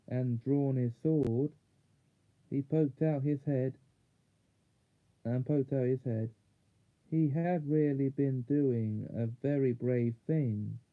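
A man reading a children's fantasy chapter book aloud in a measured way, now and then correcting small slips. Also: mid-range voice. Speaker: audiobook reader. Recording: tinny phone-like sound.

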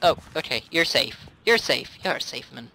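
A young man hosting a gaming session, cheering, shouting and joking as he plays. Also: medium pitch, animated, measured pace, gravelly, poor audio. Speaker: game channel host. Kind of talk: excited gaming commentary.

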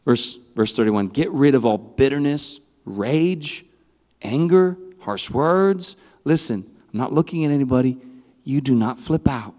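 A man preaching a youth sermon in a church, animated and swinging between loud and hushed. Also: medium pitch, a little slow. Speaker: youth pastor. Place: church hall. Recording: long hall reverb.

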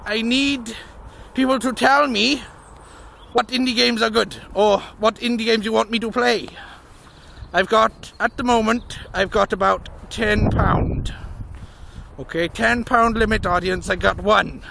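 A young man with a very high, bright voice full of gravelly fry, rambling loudly and jokily while he walks. He talks slowly and shouts now and then, with faint wind and traffic behind him. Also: fairly even intonation. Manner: loud, silly, jokey, shouts at the wind and cars. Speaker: gaming vlogger. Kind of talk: rambling outdoor vlog. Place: outdoors walking along a busy road. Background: wind and passing traffic.

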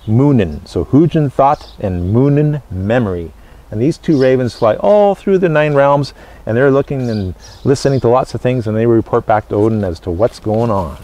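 A man presenting living history, teaching in a casual educational talk and explaining steadily in short, paused phrases. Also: medium pitch, darkish tone.

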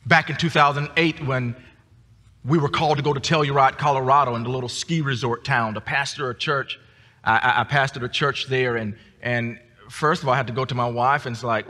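A man preaching a sermon as a guest speaker, often repeating words and rising to emphatic shouts. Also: medium pitch, moderate pace. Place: church sanctuary. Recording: long church reverb.

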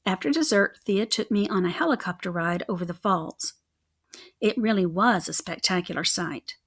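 A woman's voice: mid-range voice, moderate pace, slightly rough. Woman reading a children's storybook aloud. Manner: lively, expressive storytelling. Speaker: audiobook narrator.

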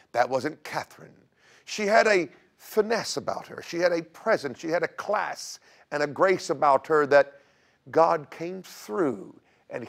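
A man guest-hosting a Christian broadcast, telling a church history story like a sermon, swinging between loud emphatic bursts and hushed near-whispers. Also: medium pitch, creaky. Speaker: guest host. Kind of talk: preaching history talk.

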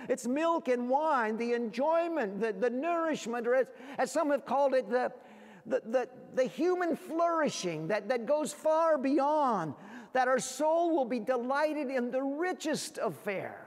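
A man preaching a sermon as pastor, earnest, often repeating words as he searches for the next phrase, and dropping low and quiet when he quotes scripture. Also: big-room sound. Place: church sanctuary.

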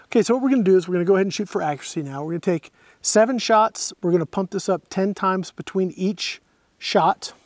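A man's voice: high-pitched, fast, a little mellow, no room sound. A man hosting a hands-on airgun review outdoors, a little out of breath, casually talking through each step as he goes.

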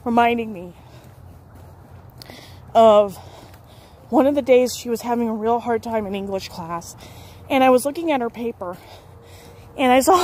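A woman's voice: a little high, darkish tone. A young adult woman telling a personal story to camera, candid and rambling, often laughing and correcting herself. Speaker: vlogger.

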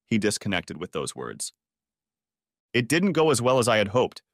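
A man tells a first-person story in audiobook style, with an expressive, dramatic read. His pitch is animated and wide-ranging, and the recording is dry and close on the mic. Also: normal speed, no echo. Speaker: narrator.

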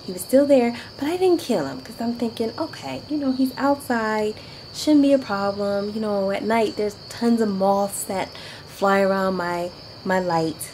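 A woman's voice: mid-range voice, a little slow, slight background noise, low-quality recording. A woman vlogger chatting nervously to a handheld camera while standing on her front porch outdoors at night. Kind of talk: casual vlog. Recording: outdoor night with loud crickets.

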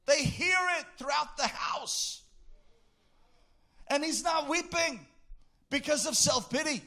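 A man preaching a sermon in an impassioned way, bursting into shouts and sing-song phrases. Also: extremely high pitch, slow pace, gravelly.

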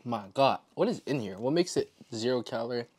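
A man vlogging casually as he eats a meal, excited and often talking with his mouth full. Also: medium pitch, a little fast, slightly rough. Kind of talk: casual eating vlog.

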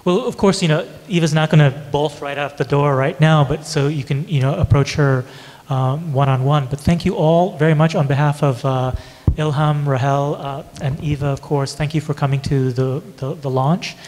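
A man moderating an audience Q&A at a book launch, relaxed and conversational with some fillers. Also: fairly high pitch, moderate pace, few pauses. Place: gallery event space. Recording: long reverb in a hall.

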